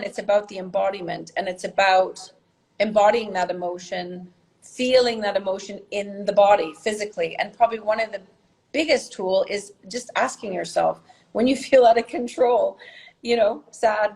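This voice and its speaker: A woman podcast guest who works as a healer, talking at an ordinary middle pitch. She explains things in a lively, expressive way, often laughing and letting her voice leap upward. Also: gravelly, low-quality recording. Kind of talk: conversational interview.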